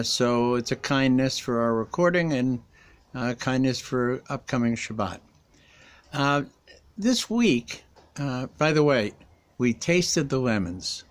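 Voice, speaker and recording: A middle-aged rabbi giving a conversational weekly Torah talk, pausing often and restarting his sentences. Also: medium pitch. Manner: conversational, frequent hesitations and restarts. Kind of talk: casual spoken Torah commentary.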